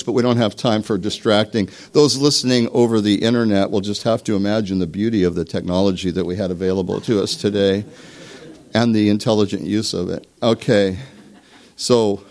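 A male pastor preaching to his congregation. He is lively and joking, and his pitch rises sharply whenever he mimics someone self-righteous. He has a mid-range voice and a conversational pace. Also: normal speed. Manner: animated, mocking voices for examples. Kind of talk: sermon. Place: church before a live congregation.

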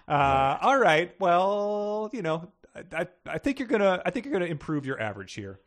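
A man's voice: sits high, big pitch swings, normal speed, fairly bright tone. A man hosting a quiz, reading story passages aloud and chatting casually. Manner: plain storybook reading, chuckles. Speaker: quiz host.

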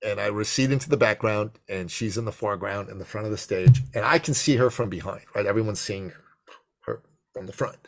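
A middle-aged man telling an expressive, animated story as a podcast guest. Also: brisk, gravelly. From Persian heritage. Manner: expressive, swings to high excited pitch in quotes. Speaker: podcast guest, business coach.

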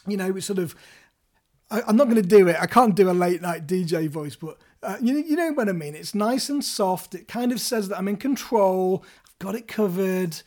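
A man's voice: sits high, normal speed, darkish tone. Playful, chatty male podcast host. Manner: playful, chatty, addresses listeners directly. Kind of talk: solo podcast coaching talk.

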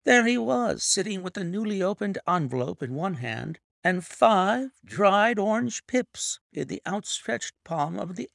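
A man reading a classic detective story aloud in an expressive, theatrical way. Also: sits high, vocal fry, no echo, clean studio sound. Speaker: audiobook reader.

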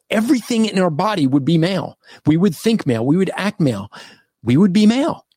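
Animated, higher-pitched male evangelist guest. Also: no room sound. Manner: animated, argumentative, recounts debates by acting out both sides. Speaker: guest, ministry founder and street evangelist. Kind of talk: conversational storytelling in a podcast interview.

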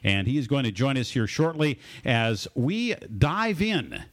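Lively male radio host. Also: mid-range voice, measured pace. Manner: lively, upbeat announcer patter. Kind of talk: radio talk show hosting. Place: radio studio.

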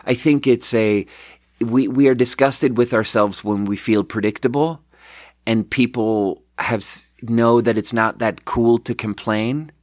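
A man hosting a podcast, telling rambling, animated anecdotes in casual chat. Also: mid-range voice, unhurried, dry recording, clean studio sound. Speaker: podcast host.

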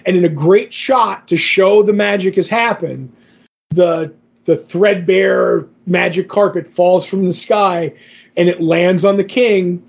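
A man's voice: sits high, steady tone, slow pace, creaky, husky. A man hosting a podcast, casually retelling a comic book story with lots of fillers and quoted dialogue. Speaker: podcast host. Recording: dull lo-fi podcast audio.

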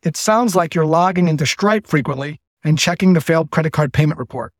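Brief: calm, polite young saleswoman on a cold call, as a man retells her lines, dry and close. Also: a little fast, no echo, natural voice. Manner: calm, friendly phone pitch.

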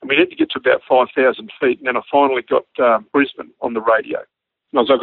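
Australian male storyteller, gravelly, dry phone-like sound; acts out radio calls and laughs through the tale. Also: medium pitch, wildly swooping pitch, fast, no room sound. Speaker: former army helicopter pilot telling a story. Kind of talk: casual anecdote.

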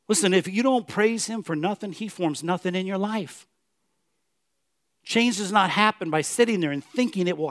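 A male pastor preaching a sermon in church, swinging from loud emphatic declarations to hushed, soft questions. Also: high-pitched.

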